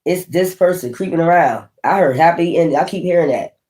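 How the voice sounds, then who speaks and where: A man giving a casual tarot reading, blunt and profane, with animated swings in delivery. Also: fairly high pitch, a little fast. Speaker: tarot reader.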